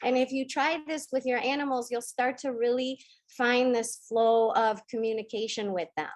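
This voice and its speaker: A woman hosting a spiritual video call, teaching gently and slowing down to stress key words. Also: fairly high pitch, fairly even intonation.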